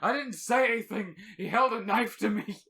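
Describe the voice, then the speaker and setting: A man's voice: high voice, moderate pace, creaky, bright, forceful tone. A man co-hosting a casual podcast, rambling and joking, laughing often. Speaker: podcast co-host.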